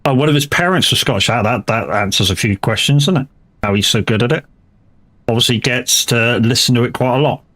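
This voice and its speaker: A man's voice: medium pitch, a little fast, fairly bright tone. A male live streamer chatting loosely while he plays, with a mid-range voice. He rambles from one thing to the next, drops casual swear words and restarts his sentences often.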